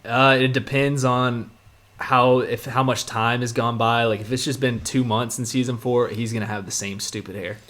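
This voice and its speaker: A man's voice: medium pitch, flat delivery, normal speed, a bit bright. A man co-hosting a podcast, chatting casually, earnest and teasing, swearing now and then. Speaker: podcast co-host.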